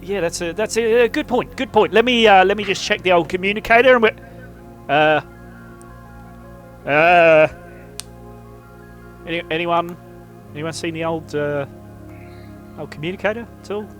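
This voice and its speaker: A man's voice: high voice, moderate pace, pauses often, fairly bright tone, faint music behind. A man running a tabletop game as game master, rambling and hesitant with many fillers.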